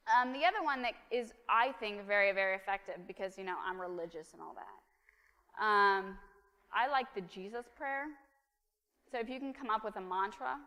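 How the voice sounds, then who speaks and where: A woman giving an informal sermon, chatty with many fillers, then softly counting a congregation through a breathing exercise in church. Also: medium pitch. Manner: soft counting during breathing. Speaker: preacher. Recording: reverberant church hall.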